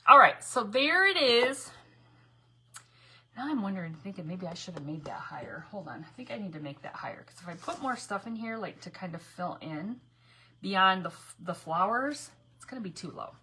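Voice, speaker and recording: A woman with a bright, forceful voice talks through a craft project in a loose, rambling way. She laughs often and backtracks mid-sentence. A faint hiss of noise sits under her voice. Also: medium pitch, lively intonation, moderate pace, poor audio. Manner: chatty, rambling, laughs often, self-correcting. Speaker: craft video host. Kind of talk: casual crafting tutorial.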